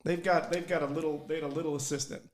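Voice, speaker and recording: Animated, profane man telling stories. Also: a little high, fast talker. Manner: profane, animated, shouts when quoting his coach. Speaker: podcast co-host. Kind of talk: casual storytelling chat.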